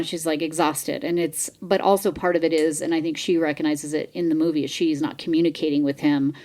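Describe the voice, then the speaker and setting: A woman co-hosting a podcast in casual chat, telling stories animatedly, swearing freely and acting out what people said. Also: low voice. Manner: animated storyteller who swears and acts out quoted lines. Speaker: podcast co-host.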